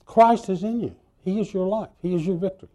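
Male preacher, mellow and slightly high voice, animated storytelling sermon with sudden loud and soft turns. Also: brisk.

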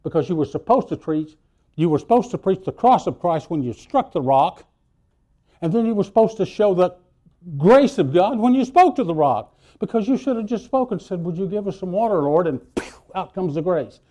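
A man preaching a sermon, telling the story with lively swings between loud bursts and soft asides. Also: sits high, normal speed.

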